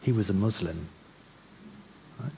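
Deep-voiced male preacher, conversational sermon delivery, faint background noise. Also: creaky. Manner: conversational, with restarts, slowing to soft reflective passages.

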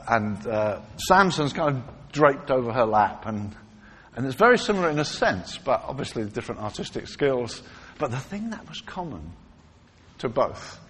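Animated preacher man in a big echoey hall. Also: medium pitch, slight background noise. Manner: animated storytelling, acts out quotes, emphatic repetition. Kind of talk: sermon. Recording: long reverb of a large hall.

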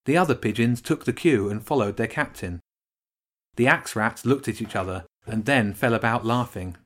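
A man narrating a children's storybook with expressive storytelling. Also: medium pitch, normal speed. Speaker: audiobook narrator. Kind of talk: scripted narration.

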